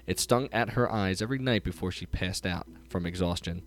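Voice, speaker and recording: Low-voiced man reviewing a book. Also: brisk. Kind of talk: casual book review with read-aloud passages.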